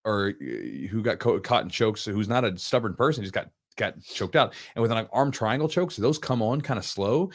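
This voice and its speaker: A man hosting a podcast, telling coaching stories in a casual, animated way. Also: on the low side, no room sound, studio quality. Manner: animated storyteller, quick, acts out quotes. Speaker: podcast host, jiu-jitsu coach. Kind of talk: casual storytelling chat.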